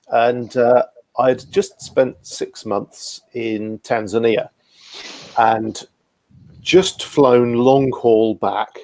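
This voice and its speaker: A man's voice: on the low side, darkish tone, dry recording. A man hosting a casual video call chat, telling a rambling anecdote with self-deprecating asides. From Guernsey. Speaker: podcast host.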